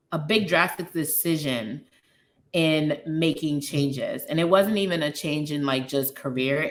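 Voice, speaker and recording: A woman in her thirties, from a Liberian American background, speaks in a low, grounded voice. She is a guest sharing her own story openly and candidly. She slips into quoted dialogue as she retells scenes. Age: 30s. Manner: open, frank, animated retelling with quoted dialogue.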